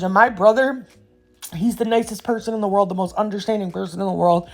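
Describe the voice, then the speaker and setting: A woman's voice: medium pitch, brisk. Chatty young woman, rambling voiceover. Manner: rambling, ranting storyteller who says "y'all" and "yo". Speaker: nail art vlogger.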